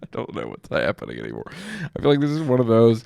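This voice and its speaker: A man's voice: on the low side, huge pitch swings, fast talker, gravelly, darkish tone, dry recording. A man from the American Midwest hosting a late-night comedy chat, teasing his guest, laughing often and swearing freely. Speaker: podcast host.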